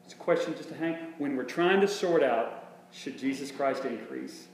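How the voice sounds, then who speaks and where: A man's voice: mid-range voice, animated, normal speed. A male minister preaching a conversational sermon, full of restarts and rhetorical questions. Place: church sanctuary. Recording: very echoey church room with faint hum.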